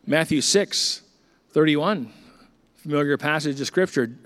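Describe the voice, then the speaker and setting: A middle-aged male pastor preaching, his voice sitting a touch higher than most men's. He tells stories in a conversational way and jumps into the voices of the people in them. His delivery moves from chatty asides to slower, earnest points. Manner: storytelling, acts out dialogue with animated swings. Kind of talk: sermon.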